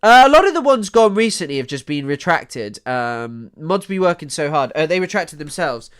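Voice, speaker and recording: Young man, high bouncy voice, animated, sweary, live-stream commentary. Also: moderate pace, clear, resonant tone. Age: young adult. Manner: animated and sweary, trailing off into mumbles. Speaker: streamer reacting to news clips.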